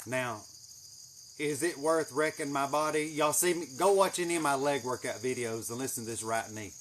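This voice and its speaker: A man telling a story in a casual, animated way, swearing heavily as he goes. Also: mid-range voice, normal speed, a little hiss or hum. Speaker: channel host. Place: greenhouse.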